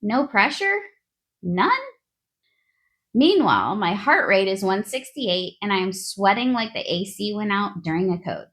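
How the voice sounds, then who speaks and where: Sarcastic woman, lively slow delivery. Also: mid-range voice. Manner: sarcastic, exasperated. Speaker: nurse podcast host. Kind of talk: comedic monologue.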